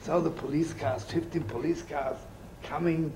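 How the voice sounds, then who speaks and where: A man preaches like a rabbi, with a folksy, joking storyteller's manner and Yiddish words mixed into his talk. His voice is gravelly and sits a little high. The recording carries a clear layer of background noise. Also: fairly even intonation, moderate pace. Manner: folksy, jokey, sprinkles Yiddish and Hebrew words. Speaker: rabbi teaching. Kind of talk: storytelling sermon. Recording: noisy old recording.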